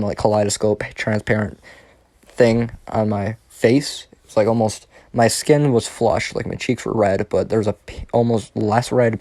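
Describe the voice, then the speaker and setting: A young man with a fairly low voice tells a rambling, profane story straight to camera, often stopping and restarting his sentences. The sound is close and dry, with almost no room echo. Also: creaky, darkish tone. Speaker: storyteller vlogger. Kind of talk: casual storytime monologue.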